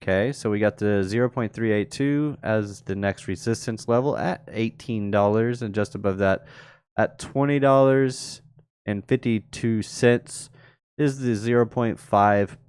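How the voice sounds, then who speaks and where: A man with a lowish, darkish, clean voice speaks a little slowly, recorded with clean studio sound and no echo. He hosts a live crypto market stream, casually analyzing charts and answering viewers in chat.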